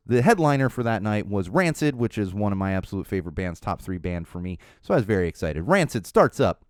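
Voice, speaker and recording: Smooth-voiced man telling a rambling story. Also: medium pitch, no echo, clean studio sound. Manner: rambling, with many fillers and restarts. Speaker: podcast host. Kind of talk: casual storytelling.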